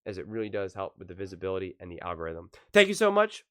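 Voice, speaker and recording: A man's voice: low-pitched, fast, smooth, no room sound, studio quality. A young man hosting his own sports commentary channel, giving emphatic solo opinions and punching out quoted lines from players. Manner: animated, emphatic, quoting players in punchy voices.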